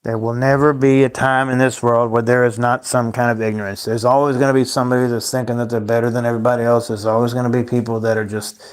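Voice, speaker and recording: A man's voice: medium pitch, little pitch movement, quick pace, hardly any pauses, clean tone. A man hosting his own livestream, rambling and ranting at his chat, repeating himself and calling the viewers guys. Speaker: livestream host.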